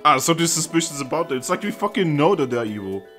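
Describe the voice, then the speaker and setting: A let's play commentator giving casual gameplay commentary, excitable, swearing and laughing often. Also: medium pitch, quick pace, soft background music.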